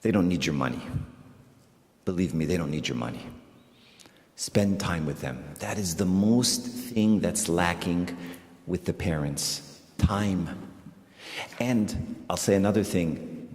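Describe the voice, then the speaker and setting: A man delivers a sermon in a chatty, animated way, often repeating himself for emphasis. His voice rings through a large church with a long, hanging reverb. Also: low-pitched, slow pace, long pauses. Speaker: priest.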